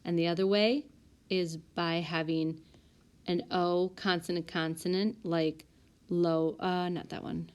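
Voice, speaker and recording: A woman's voice: on the low side, a little mellow, clear, resonant tone. A woman teacher talking through spelling word sorts over a whiteboard app, calling out each word and its group and now and then correcting herself. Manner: sorting words aloud, stopping to correct herself. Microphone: tablet mic, voice-over.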